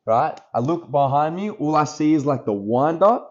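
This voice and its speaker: A man's voice: fairly high pitch, lively intonation, moderate pace. Brash young Australian man swearing casually. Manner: brash, swearing, calls his friend bro. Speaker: podcast co-host. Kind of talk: casual chat. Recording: dull lo-fi podcast audio.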